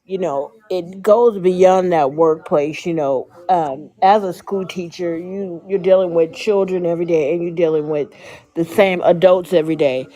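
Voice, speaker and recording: A woman from the United States chatting casually on a podcast, an animated storyteller who acts out what other people said. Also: fairly low pitch, normal speed. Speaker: podcast co-host, school teacher. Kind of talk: casual chat.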